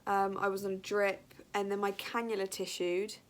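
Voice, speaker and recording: A woman's voice: mid-range voice, flat delivery, moderate pace, noisy background. A woman in her late teens, a new mother vlogging from her bedroom at home, tired and short of breath, chatty and apologetic with many ums. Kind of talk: casual vlog chat.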